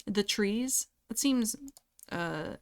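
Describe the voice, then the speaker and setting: A young woman chats casually with her live chat from a home streaming setup. She giggles often and reads messages aloud in a loose, friendly ramble. Her voice is mid-pitched and close to a desktop mic. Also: animated, drawn-out words.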